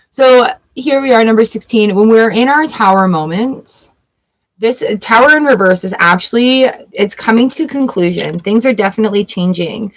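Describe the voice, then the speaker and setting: A woman giving a live-streamed tarot reading in a chatty, emotional way, weepy and laughing often. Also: medium pitch. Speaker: tarot reader.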